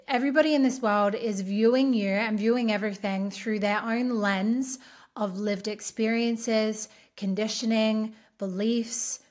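An Australian woman hosting a podcast, talking in an earnest, encouraging and steady way on her own. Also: mid-range voice. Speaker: podcast host. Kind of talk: reflective solo talk.

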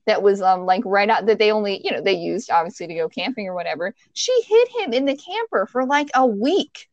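A woman co-hosting a casual chat. She tells a story with energy, swears freely and acts out the lines she quotes in a loud voice. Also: medium pitch, lively intonation, fairly quick, no echo, muffled recording.

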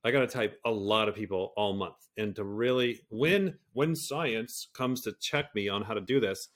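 A middle-aged man talking candidly as an interview guest, swearing freely, rambling and restarting, sometimes rising into animated rants. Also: fairly low pitch, moderate pace. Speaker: guest, personality system creator.

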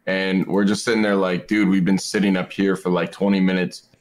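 A man's voice: deep voice, little pitch movement, brisk. Profane, rambling man telling a story. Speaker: esports pro player guest. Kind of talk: casual podcast chat.

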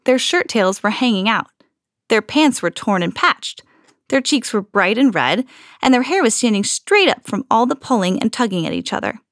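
A woman reading a children's storybook aloud in an expressive, storytelling manner. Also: a little high, normal speed, no room sound, clean studio sound. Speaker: podcast host reading to children.

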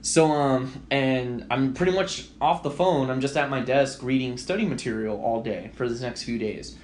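A young man co-hosting a podcast, swearing freely and telling animated stories in casual chat. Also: mid-range voice, moderate pace, a little hiss or hum. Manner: profane, animated storytelling. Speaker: podcast co-host.

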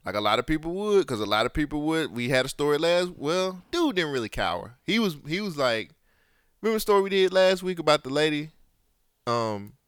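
A man's voice: a little high, big pitch swings, brisk, a bit bright, clean tone, dry recording, clean studio sound. A man co-hosting a podcast in casual chat, laid-back, repeating words and reading news stories aloud. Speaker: podcast co-host.

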